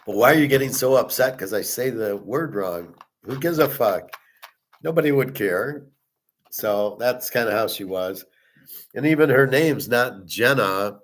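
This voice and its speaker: A man's voice: medium pitch, animated, unhurried. A man hosting a betting show, telling a blunt, profane, digressive story in a casual monologue. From United States. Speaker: sports betting podcast host.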